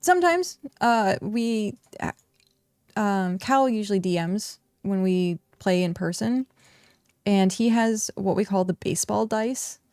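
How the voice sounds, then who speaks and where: A chatty woman streamer talks casually over her game, wandering through her thoughts with plenty of fillers. Her voice sits at a middle pitch and is recorded dry and close, with no room sound around it. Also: a little mellow, dry recording. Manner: chatty and rambling, many fillers. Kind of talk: casual chat while livestreaming a game.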